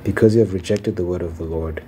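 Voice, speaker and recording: A man reading the lines of a stern old male prophet rebuking a king, in a solemn, measured ASMR scripture reading. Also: sits low, very noisy, natural voice.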